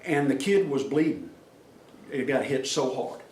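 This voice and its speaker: A middle-aged man with a medium-pitched, darkish voice speaks a little slowly but with animation, telling plain-spoken, folksy stories to a crowd at a workplace safety meeting and acting out the quoted voices. He's recorded from far off in an echoey meeting room, with faint noise.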